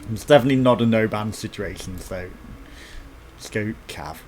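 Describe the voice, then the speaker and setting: A man's voice: lowish voice, normal speed, a little mellow, a little hiss or hum. A young man giving casual, teasing commentary while streaming a game, swearing and laughing often.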